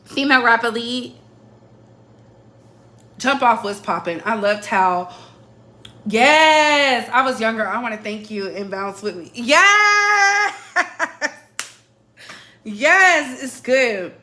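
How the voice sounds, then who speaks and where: A woman's voice: fairly high pitch, lively intonation, slow pace, pauses often, sharp tone. A young adult woman hosting a casual music chat, playful and laughing often. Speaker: host.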